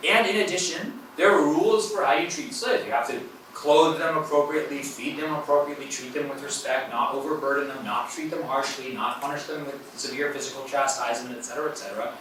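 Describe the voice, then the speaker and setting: Professor guy lecturing, bright clear voice, booming echoey hall, picked up from far off. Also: quick pace, few pauses. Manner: conversational, with many fillers and self-corrections. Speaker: university professor giving a guest lecture. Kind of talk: academic lecture. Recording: very echoey hall, voice from a distance, faint noise.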